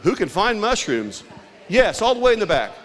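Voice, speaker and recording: A man's voice: high-pitched, big pitch swings, normal speed, fairly bright tone. A man emceeing a trivia quiz at a community event in a large indoor hall, playful and joking with the crowd.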